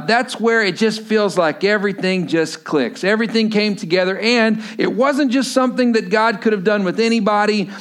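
A man preaching a sermon to his congregation, talking conversationally and asking them questions. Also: high voice. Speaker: pastor.

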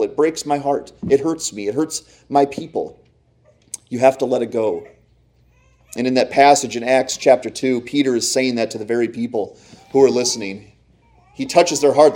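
Mellow-voiced pastor preaching emphatically. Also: male voice, medium pitch. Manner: emphatic preaching, swinging between loud and hushed. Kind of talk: sermon.

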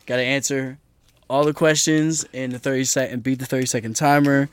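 A man's voice: mid-range voice, steady tone, a little fast, clean tone. A man co-hosting a podcast, loosely explaining the rules of a quiz game and reading questions. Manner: loose, rambling, trailing off. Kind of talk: casual chat.

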